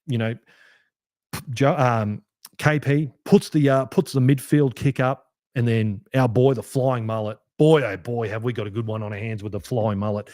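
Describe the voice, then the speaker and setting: A man hosts a podcast, breaking down a match in loose, rambling fan talk full of swearing. His pitch sits at an ordinary middle level for a man. The recording is dry and close, with no room sound around him. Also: fairly even intonation, moderate pace, a little mellow, no room sound. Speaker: podcast host. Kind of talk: solo sports review podcast.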